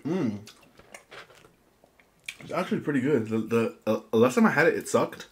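A man's voice: medium pitch, lively intonation, moderate pace. A young man chatting casually with viewers while eating a big meal on camera, talking between bites. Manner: quiet murmured prayer. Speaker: mukbang vlogger. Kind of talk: casual eating vlog chat.

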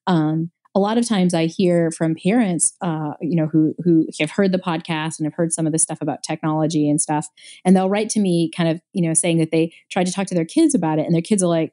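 A woman's voice: lowish voice, fairly quick, mellow. A woman cognitive scientist, a guest on an interview podcast, explaining research in an eager, conversational way. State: recovering from a knee injury.

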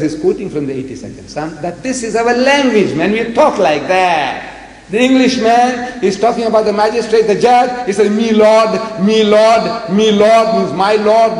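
An older man from South Africa giving a religious debate lecture, animated, often acting out the dialogue he quotes. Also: high-pitched. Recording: echoey hall with faint noise.

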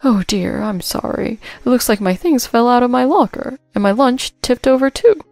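A kind, cheerful old lady who works the shop floor, read by a woman narrator. She speaks gently and calmly, with a gravelly edge and a dry, close sound over faint music. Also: a little high, moderate pace, no room sound, voice pushed up. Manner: gentle, calm.

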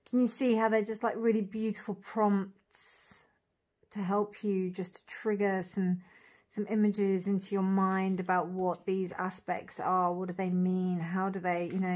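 A woman walking through an oracle deck card by card, calling out each name and meaning with soft, gushing admiration. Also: fairly low pitch. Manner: dreamy, admiring, lingers on single words; soft laughs and gushing asides. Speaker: tarot reader reviewing an oracle deck. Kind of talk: casual unboxing walk-through.

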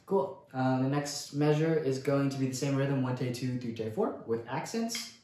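A man giving a casual percussion lesson in a relaxed way, counting rhythms aloud and often saying "cool". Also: mid-range voice, normal speed, few pauses. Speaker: percussion instructor. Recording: very echoey room, faint noise.

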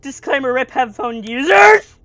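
A woman's voice: high-pitched, animated, moderate pace, fairly bright tone, no room sound, soft background music. A woman commentating a horror game she is playing, jumpy, screaming and swearing when startled. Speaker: let's play gamer.

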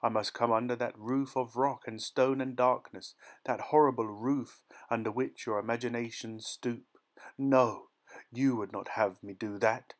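A man's voice: medium pitch, steady tone, measured pace, natural voice. A man voicing a passionate young lover in a storybook reading, earnest and pleading. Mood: tender pleading. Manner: earnest, pleading, rising to emphasis.

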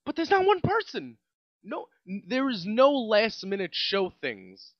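A young New York man rants on his own podcast in a rambling, exasperated way, often restarting his sentences. His voice sits high and swings widely in pitch. The recording is dry and a little dull. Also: huge pitch swings, a little slow, no room sound. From Staten Island, New York. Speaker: podcast host. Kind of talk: casual solo podcast rant.

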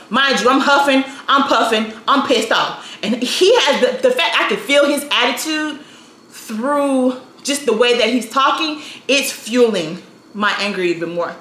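Sassy vlogger woman in her 30s, bright and animated, echoey room. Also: sits high, unhurried. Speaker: storytime vlogger. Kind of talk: casual storytelling. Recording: roomy echo, faint ambience.

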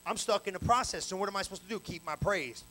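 A male pastor preaching a live evening sermon in church on a handheld mic, animated and colloquial with call-and-response. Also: high voice, fast, poor audio. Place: church sanctuary, live service. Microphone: handheld microphone.

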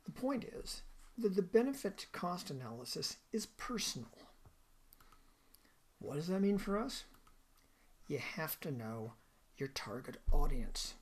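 A woman's voice: low-pitched, sing-song, unhurried, long pauses, slightly rough. A woman giving a recorded lecture in a conversational way, often asking the listener questions.

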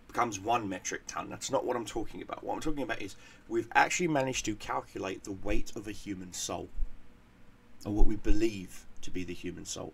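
A man's voice: on the low side, gravelly, fairly bright tone, breathy edge. A man hosting a gaming channel, telling a casual story in a profane, rambling way and repeating words as he goes.

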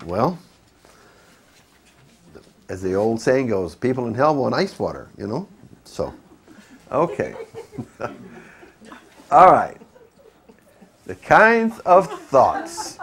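Man, priest, sermon, folksy storytelling, animated pitch, asks listeners questions.

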